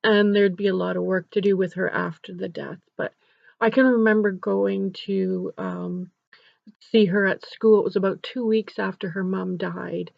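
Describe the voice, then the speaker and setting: A woman's voice: medium pitch, normal speed, vocal fry, no room sound. A woman counselor earnestly telling a story about helping a grieving child, in an instructional video. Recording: dull, dry recording.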